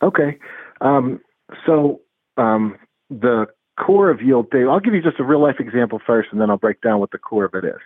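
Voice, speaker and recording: A man's voice: medium pitch, moderate pace, slightly rough, dry recording. A man talking earnestly in an interview and acting out dialogue as he tells a story. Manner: earnest, animated, acts out dialogue in retelling. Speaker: guest, anger management specialist. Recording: tinny phone line.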